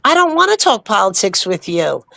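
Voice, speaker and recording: A woman's voice: mid-range voice, big pitch swings, fairly quick, vocal fry, a bit bright, dry recording. A woman co-hosting a casual political chat show, telling stories in an emphatic, chatty way. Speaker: podcast co-host.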